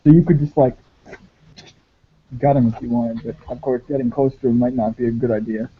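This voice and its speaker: A man's voice: medium pitch, steady tone, brisk, slight background noise. A young man running a tabletop game as game master, narrating with many hesitant "like"s and restarts. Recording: dull lo-fi audio.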